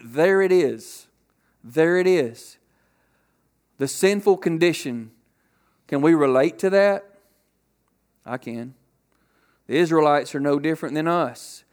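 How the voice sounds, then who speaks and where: A man preaching a sermon to a congregation, asking rhetorical questions and acting out loud quotes. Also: fairly high pitch. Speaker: pastor.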